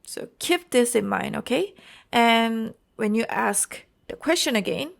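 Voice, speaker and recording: A woman's voice: a little high, lively intonation, a little slow, vocal fry. A woman with a Korean accent teaching an IELTS exam-prep lesson, explaining carefully and often checking in with "okay?" and "you know".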